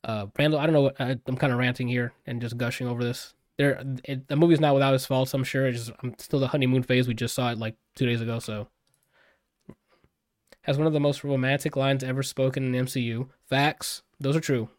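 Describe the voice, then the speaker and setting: A man's voice: medium pitch, fairly even intonation, fairly quick, dry recording, studio quality. A man in a casual podcast chat, gushing over a film he just saw, swearing freely and rambling with fillers. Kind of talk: casual movie review chat.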